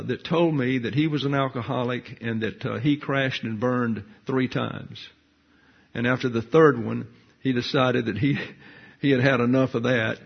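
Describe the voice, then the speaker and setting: An older man, a pastor teaching a Bible study in a folksy, unhurried storytelling manner. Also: medium pitch, vocal fry, slightly rough. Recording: muffled lo-fi recording.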